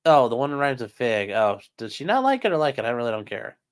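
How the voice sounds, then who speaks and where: Man host live-streaming, smooth voice, loose and profane, chatty asides to viewers. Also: medium pitch, very animated, fast. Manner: rambling, profane, jokey asides to chat. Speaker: livestream host. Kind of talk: casual live-stream commentary.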